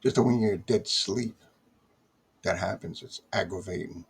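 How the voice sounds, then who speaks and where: Husky-voiced man, grumbling and fed up. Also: low-pitched, unhurried. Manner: exasperated, grumbling, repetitive complaints. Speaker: vlogger. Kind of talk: casual ranting video monologue.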